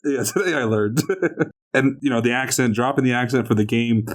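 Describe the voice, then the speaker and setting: A man's voice: medium pitch, normal speed. A man with an ordinary mid-range voice hosts a podcast interview. He is easygoing and curious, with frequent laughter. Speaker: podcast host. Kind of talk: casual interview.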